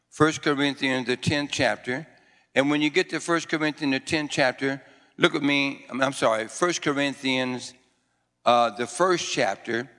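A man's voice: medium pitch, bright, forceful tone. A male pastor preaching a sermon, repeating phrases and calling on the congregation to answer, with fervent declarations in a raised voice. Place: church sanctuary before a congregation. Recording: long reverb of a large church hall.

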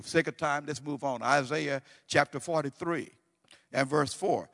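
A man preaching a sermon, swinging between loud bursts and hushed, slowed-down quotations. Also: fairly high pitch, creaky, in a large hall. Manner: preaching with dramatic swings of volume and pace, drawn-out quotes.

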